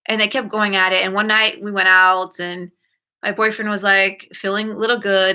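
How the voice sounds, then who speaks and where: Speaking fairly quickly, this middle-aged self-help podcast host has a medium-pitched, steady voice with a sharp edge. Her casual solo talk wanders and self-corrects, and she slips into a different voice to act out quotes.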